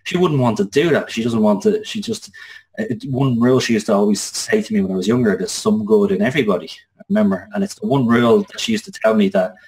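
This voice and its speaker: Low-voiced Irish man, halting storyteller. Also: very animated, darkish tone. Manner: halting, many restarts and fillers. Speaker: interview guest. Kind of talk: candid personal storytelling.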